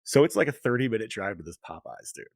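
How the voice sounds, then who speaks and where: With a lowish, creaky, sing-song voice and a fairly quick delivery, a middle-aged podcast co-host rambles through long stories packed with swearing. The chat is casual, and there's no echo.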